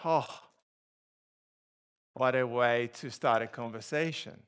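A man's voice: medium pitch, takes it slowly, fairly bright tone, smooth. A man preaching a sermon to a congregation. He speaks with emphasis and asks his listeners rhetorical questions.

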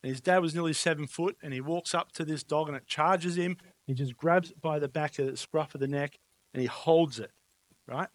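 A man's voice: on the high side, fairly quick. A man preaching a sermon, telling stories in an emphatic, conversational way and often asking "right?". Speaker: pastor.

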